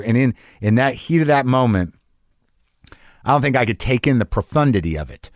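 A man's voice: mid-range voice, lively intonation, brisk, no echo, clean studio sound. A middle-aged man telling a long story in a casual monologue, ranting and swearing, mocking himself and acting out what people said. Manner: profane, ranting, self-deprecating, acts out quotes.

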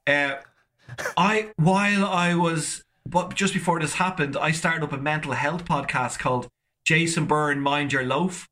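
Animated, bright-voiced Irish man. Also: a little high, unhurried. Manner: animated storytelling, many restarts, acts out quotes. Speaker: comedian podcast guest. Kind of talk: casual chat.

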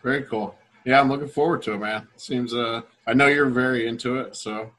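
A man with a bright yet husky voice co-hosts a casual podcast. He answers in short, relaxed replies and reads out the show's plugs. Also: mid-range voice, a little fast. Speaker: podcast co-host. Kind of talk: casual chat.

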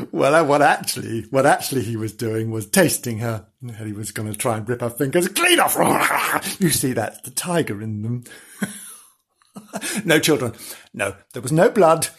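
A husky storyteller reads a children's tale in an unhurried way. The intonation swings widely. The reading keeps breaking off for jokes, giggles and mock apologies to the children listening. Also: mid-range voice. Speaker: podcast storyteller.

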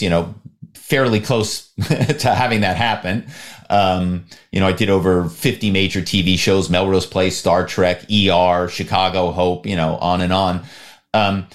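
A middle-aged man, a guest on an interview show, telling lively stories and acting out phone calls. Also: low voice. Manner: animated, acts out calls. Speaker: guest, former corporate spy and actor. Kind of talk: storytelling in an interview.

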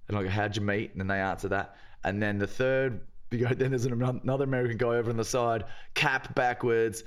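A man's voice: medium pitch, fairly even intonation, brisk. An Irish man co-hosting a comedy podcast, chatting casually in a jokey way and laughing easily. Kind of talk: casual chat.

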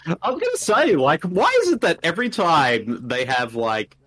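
Lebhafter Australier, Podcast-Mitmoderator. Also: male voice, on the high side, normal speed, breathy edge. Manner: jokey, animated, laughs often. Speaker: podcast co-host. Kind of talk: casual movie watch-along chat.

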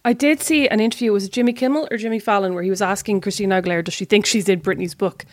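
A woman's voice: medium pitch, very fast, no room sound. Teasing woman with a dry, close sound. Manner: teasing, laughs often. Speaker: podcast co-host. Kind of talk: casual chat.

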